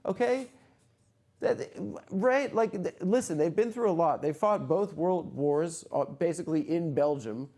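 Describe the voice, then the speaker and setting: A man hosts a casual comedy podcast, his voice sitting a little high but soft and mellow in tone. He riffs in excitable, rambling bursts, cursing freely as he goes. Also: moderate pace, few pauses. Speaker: host.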